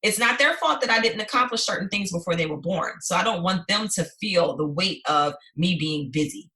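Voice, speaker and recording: A woman in her thirties, a podcast guest, talking in an animated, driven way about her busy schedule. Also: lowish voice, a little fast. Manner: animated, driven, talks in long lists. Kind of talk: casual chat.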